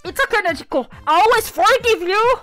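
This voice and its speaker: A tiny male pet fox shrieks in shrill, very high squeals, as a woman acts him out. He panics easily but forgives his owner quickly. His voice is bright and piercing, with faint music playing behind him. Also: lively intonation. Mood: gentle.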